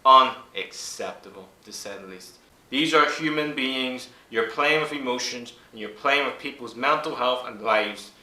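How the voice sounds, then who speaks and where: A man's voice: medium pitch, moderate pace, bright, forceful tone. A man in his twenties ranting angrily to camera, swearing hard and stressing his words. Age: 20s. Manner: furious, swearing, emphatic. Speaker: YouTuber. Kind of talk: angry vlog rant. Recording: echoey room.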